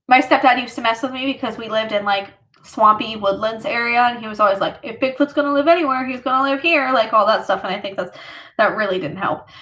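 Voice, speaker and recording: A woman's voice: on the high side, a bit bright. A woman livestreamer telling stories in casual chat, rambling with many fillers and laughs.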